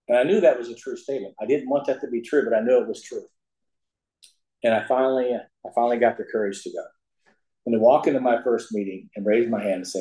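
Here a middle-aged man from the Ozarks, USA, recounts his recovery to a group, cracking jokes and laughing along with himself. His medium-pitched, mellow voice is expressive and a little fast, broken by long pauses. It's recorded in an echoey meeting room.

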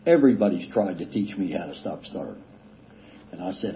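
An older man casually telling a self-deprecating recovery story, rambling with halting restarts and chuckles. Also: low voice, very animated. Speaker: speaker sharing a recovery story. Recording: dull lo-fi recording with faint hiss.

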